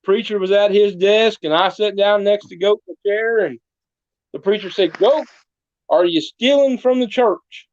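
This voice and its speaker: He has a high voice and talks at normal speed, with no echo and the top end cut off. As a small-town mayor in a podcast interview, he tells comic tall tales in a folksy way and does voices for the people he describes.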